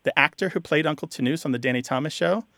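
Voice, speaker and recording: A man co-hosting a radio show on language, explaining word origins to a caller in a chatty way with quick asides. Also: fairly high pitch, vocal fry, bright, forceful tone, no echo, clean studio sound.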